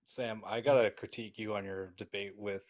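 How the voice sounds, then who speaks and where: Low-voiced man teasing the host. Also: fairly even intonation, brisk. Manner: mock-serious, teasing. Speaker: caller on a live stream. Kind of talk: casual teasing chat.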